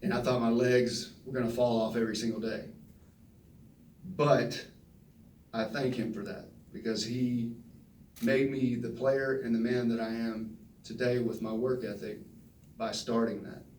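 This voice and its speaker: A man, telling folksy, animated stories at a press conference and acting out the quotes. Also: medium pitch, unhurried, pauses often, slight background noise. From Texas. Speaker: retiring football player at press conference. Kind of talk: storytelling speech. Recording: roomy echo from a distant mic.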